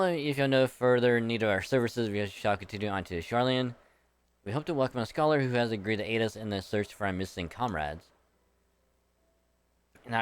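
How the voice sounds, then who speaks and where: A man's voice: lowish voice, clear, resonant tone, close to an everyday voice. A man voicing a polite, formal young scholar in a game, speaking courteously. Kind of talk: reading game dialogue aloud.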